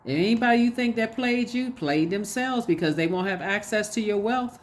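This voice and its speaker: A woman giving a casual tarot reading in a lively, preachy way, repeating herself and urging the listener on. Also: mid-range voice, normal speed, few pauses, a little hiss or hum. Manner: animated, repetitive, preachy exhortations. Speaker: tarot reader.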